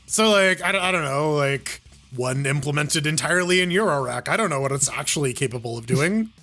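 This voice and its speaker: A man co-hosting a gaming podcast, chatting quickly and joking at his own expense. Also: a little high, animated, bright, forceful tone, faint music behind. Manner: quick, joking, self-mocking. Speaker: podcast co-host. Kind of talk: casual gaming podcast banter.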